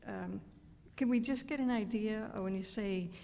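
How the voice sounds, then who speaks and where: A woman's voice: mid-range voice, normal speed, gravelly, dark tone. A woman speaking as a resident at a town meeting, asking a question tentatively. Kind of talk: public comment at a town meeting. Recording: echoey hall, faint room noise.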